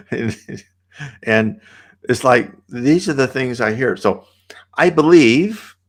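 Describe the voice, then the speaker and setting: A man's voice: medium pitch, expressive, slow. An American man hosting a channel, answering viewer questions in a rambling, conversational way and often asking "right?". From United States. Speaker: channel host.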